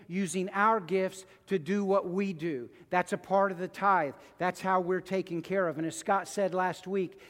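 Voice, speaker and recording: A man's voice: high voice, a bit bright, long reverb tail. A male pastor preaching a conversational sermon to his congregation, with repeated phrases and personal stories, then leading a prayer. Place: church sanctuary.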